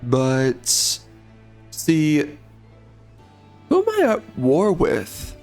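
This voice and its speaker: Hoarse, ranting gaming commentator man. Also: a little high, huge pitch swings, drawn-out words, a little mellow, faint music behind. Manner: ranting, blunt, peppered with mild minced swears. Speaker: gameplay commentator. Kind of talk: casual gameplay commentary.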